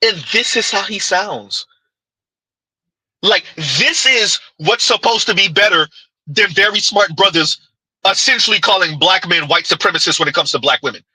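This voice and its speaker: Animated, husky man reacting in disbelief. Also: high-pitched, normal speed, no room sound, poor audio. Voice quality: husky, very bright and animated, incredulous exclamations. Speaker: commentary streamer. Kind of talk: reaction commentary.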